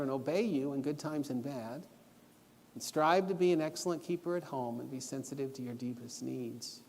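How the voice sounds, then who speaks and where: Earnest male preacher in a reverberant hall. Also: on the high side. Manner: earnest, storytelling, instructive. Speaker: guest preacher. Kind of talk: sermon lesson. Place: church auditorium. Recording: long church hall reverb.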